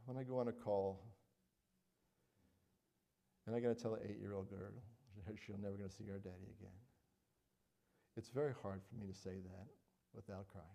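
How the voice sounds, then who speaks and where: A man's voice: fairly low pitch, steady tone, moderate pace, gravelly, long pauses, dark tone. A middle-aged man preaching a sermon as pastor, earnest and conversational, often checking in with "all right?" and "you know".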